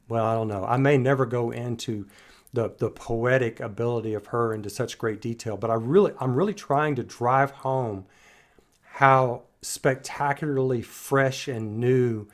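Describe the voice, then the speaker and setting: A man hosting a music reaction, talking in casual commentary and restarting and repeating words as he muses. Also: mid-range voice. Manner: musing, restarts and repeats words while analyzing.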